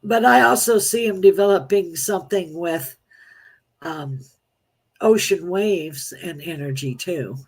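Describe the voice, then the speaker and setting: Female psychic guest, plain-spoken, halting with restarts. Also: fairly low pitch, breathy edge. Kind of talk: casual live-stream chat.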